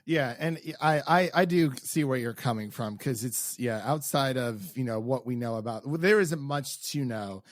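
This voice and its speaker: Enthusiastic man, mid-pitched, dry mic. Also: expressive, moderate pace, hardly any pauses, dry recording. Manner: enthusiastic, acts out his own reactions in quotes. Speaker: podcast co-host. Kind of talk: casual TV recap chat.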